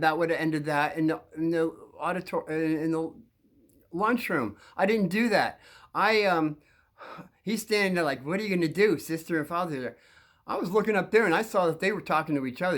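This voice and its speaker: A man's voice: fairly high pitch, fairly bright tone. A man telling a long story from his school days to young listeners, rambling with frequent restarts and repeated words.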